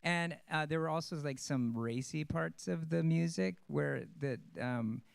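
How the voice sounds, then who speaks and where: A man, a stage actor, giving an earnest, rambling personal talk to an audience, with many pauses and ums. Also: fairly high pitch, vocal fry.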